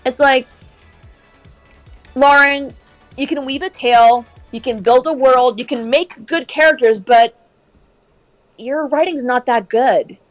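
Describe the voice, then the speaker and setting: A high-pitched woman rants with strong opinions while streaming a game. Her voice sounds dry and close. Faint music plays behind her. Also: fairly even intonation, takes it slowly, pauses often, dry recording. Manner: opinionated, ranting. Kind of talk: casual chat while gaming.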